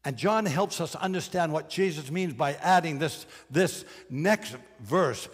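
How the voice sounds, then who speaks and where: A man preaching a sermon as pastor, emphatic and deliberate, slowing down to stress key phrases. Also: on the high side, slightly rough, big-room sound.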